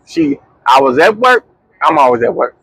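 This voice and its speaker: A young man, chatting casually as a podcast co-host and telling a story with lively, slangy quoting. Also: mid-range voice, moderate pace, breathy edge, no echo, low-quality recording. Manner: animated, slangy storyteller who acts out quotes.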